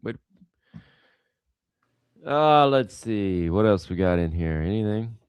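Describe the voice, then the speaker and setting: A man co-hosting a livestream, reading viewer messages and teasing the host with quick, chuckling comebacks. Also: on the low side, lively intonation, smooth, no echo, dull audio. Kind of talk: casual livestream chat.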